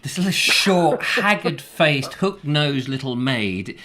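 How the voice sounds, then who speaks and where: A man's voice: fairly high pitch, animated, slow pace, bright, forceful tone. A man hosting a comic live chat show, telling rambling anecdotes and laughing at his own stories. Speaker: host.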